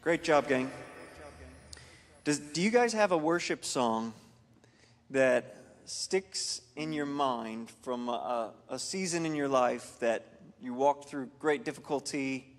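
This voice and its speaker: Man leader talking in a reverberant hall. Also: medium pitch. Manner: loose, rambling storytelling with many fillers and restarts. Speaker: worship leader. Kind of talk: casual talk to a worship team at rehearsal. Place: church hall during a music rehearsal.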